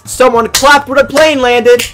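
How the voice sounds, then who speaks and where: High-voiced young man telling a story. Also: unhurried, faint music behind. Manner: animated, exasperated, swearing. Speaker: streamer. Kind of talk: casual storytelling.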